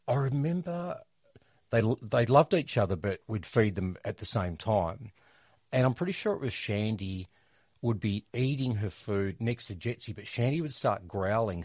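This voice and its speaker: A middle-aged Australian man telling funny family stories in a casual, animated way. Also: on the low side, husky, dry recording, clean studio sound. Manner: animated, jokey storyteller. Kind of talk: casual storytelling chat.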